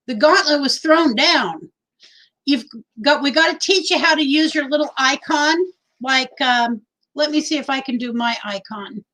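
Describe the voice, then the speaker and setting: A woman's voice: high-pitched, normal speed, bright, forceful tone, low-quality recording. A middle-aged woman from Texas hosting a casual livestream, chatty and rambling as she reads out names from the chat into her phone. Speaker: livestream host.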